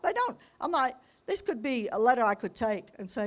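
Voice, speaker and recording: An older woman pastor preaching a sermon, telling everyday stories with humour and emphatic pauses. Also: on the high side, very animated.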